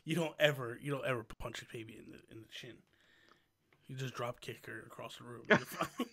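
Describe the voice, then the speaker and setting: A man's voice: mid-range voice, a little fast, creaky, pushed and bright. A man hosting a podcast in casual chat, playful and joking, fussing over his intro. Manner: playful, joking, self-conscious about flubs. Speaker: podcast host.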